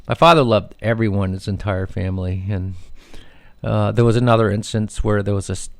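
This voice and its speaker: Gravelly low-voiced man telling stories. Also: a little fast, dry recording. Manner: rambling, many fillers and restarts. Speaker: radio show host. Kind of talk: telling family stories on air.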